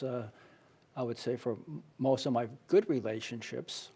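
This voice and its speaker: Interview guest, male, gravelly and husky, earnest candid storyteller. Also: mid-range voice, moderate pace, warm tone. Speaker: interview guest, playwright and author.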